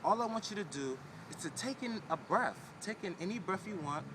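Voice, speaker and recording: A spiritual wellness teacher with a high, animated voice speaks briskly over a noisy background. In a casual video he teaches a breathing and pelvic floor exercise, repeating his instructions and coaching the viewer directly.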